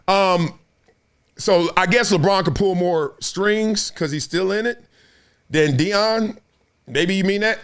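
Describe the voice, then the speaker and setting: A man in his fifties hosting a casual sports talk show, slangy and laughing often, acting out stories as he tells them. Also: high-pitched. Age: 50s. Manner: animated storyteller, acts out quotes.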